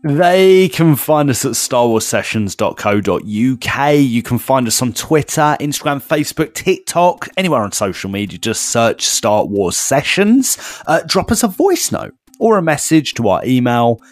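A man's voice: mid-range voice, moderate pace, hardly any pauses, no room sound. A man co-hosting a podcast in playful, casual chat. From United Kingdom. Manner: playful, animated. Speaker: podcast co-host. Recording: faint music behind.

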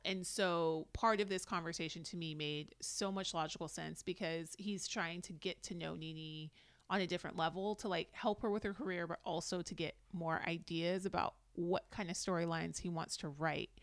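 A woman co-hosting a podcast, chatting casually as she recaps a reality episode, animated and quick to laugh. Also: fairly low pitch, no room sound. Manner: animated, laughs often, puts on quoted voices. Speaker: podcast co-host.

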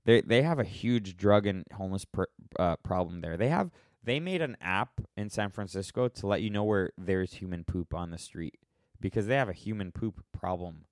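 A somewhat low-pitched American man talks casually on his own podcast, wandering from thought to thought and often cutting himself off mid-sentence. His tone is wry and offhand. The sound is close and dry, with no room around it. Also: normal speed, a little mellow, dry recording. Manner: rambling, self-interrupting, wry. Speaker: podcast host answering questions. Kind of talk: casual solo podcast chat.

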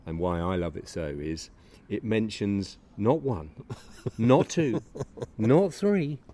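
A man's voice: on the low side, lively intonation, slow, mellow. A man co-hosting a podcast, chatting casually and enthusiastically outside on a residential street, laughing easily. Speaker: podcast co-host. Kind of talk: casual chat on a walking tour. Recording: recorded outside with street ambience.

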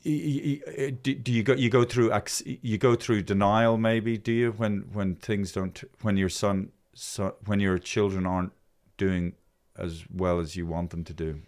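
A man hosting a podcast interview, asking questions haltingly as he searches for the right words. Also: fairly low pitch, fairly even intonation, darkish tone. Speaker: podcast host.

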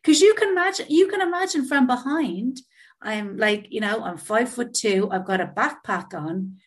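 An Irish woman co-hosting a podcast, telling stories in a sweary, animated way. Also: fairly high pitch, moderate pace, husky. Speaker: podcast co-host. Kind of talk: casual chat.

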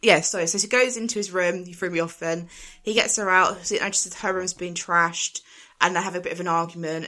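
A woman talks through a film plot in a relaxed, chatty way. She giggles often and drops exasperated asides. Her voice sits a little low for a woman. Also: a little fast. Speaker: podcast co-host recapping a film. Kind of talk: casual chat.

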